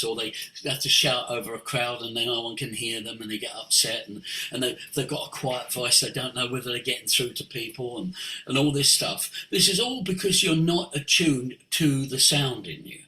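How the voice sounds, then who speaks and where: An older man, a voice coach, tells stories in an expressive way, moving between hushed asides and sudden exclamations. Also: medium pitch, moderate pace. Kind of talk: animated storytelling. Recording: roomy echo.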